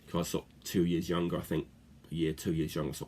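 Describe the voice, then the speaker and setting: A man's voice: low-pitched, little pitch movement, quick pace, dark tone. A middle-aged man chatting casually about his records in a vlog, rambling along with lots of filler words and tag questions. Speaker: record collector host.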